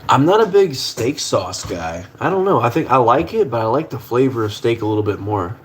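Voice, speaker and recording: A man's voice: mid-range voice, very animated, a little fast, slight background noise. Laid-back young man chatting on a livestream. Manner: laid-back, rambling, swears casually. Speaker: livestream host. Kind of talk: casual livestream chat. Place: home kitchen at the stove.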